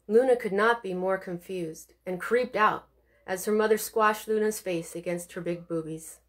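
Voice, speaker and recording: A woman's voice: medium pitch, normal speed. A woman reading her own novel aloud, telling it expressively with suspense. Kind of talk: audiobook reading.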